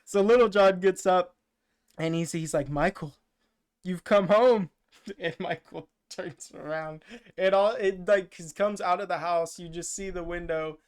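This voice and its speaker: A man's voice: high voice, steady tone, a little slow, smooth. A man co-hosting a podcast, casually retelling a movie plot in a rambling way with quoted lines. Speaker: podcast co-host. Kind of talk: casual movie recap chat.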